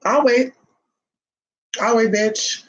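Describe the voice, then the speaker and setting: A woman talking casually to her viewers in a sassy, profane monologue, full of drawn-out teasing asides. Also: on the high side, highs cut off. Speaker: spiritual vlogger.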